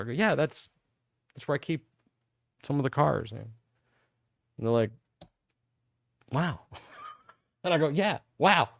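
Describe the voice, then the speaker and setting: Slightly high-voiced and pausing often at a normal pace, this middle-aged US talk show host rambles through stories on a live stream, animatedly performing what others said. The sound is clean studio audio without echo.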